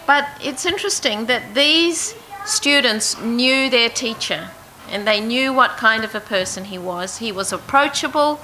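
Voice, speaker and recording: A woman leads an interactive Bible lesson, reading verses and putting questions to her listeners. Her voice is bright and sits a little high. A faint hum of room ambience runs behind her. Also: expressive, unhurried, rough recording. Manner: asks the audience questions, reads verses aloud. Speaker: preacher.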